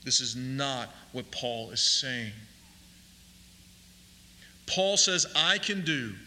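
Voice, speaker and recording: Male pastor, sermon, emphatic and deliberate, edgy forceful tone, reverberant hall. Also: medium pitch, expressive. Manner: deliberate, emphatic preaching with slowed key phrases.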